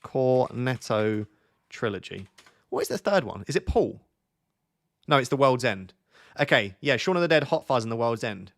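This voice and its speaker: This is a young man, chatting into a desk mic during a live stream. He speaks at a middle pitch and keeps the tone loose and jokey, often restarting lines as he thinks aloud. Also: very animated, fairly quick. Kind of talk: live stream chat with viewers.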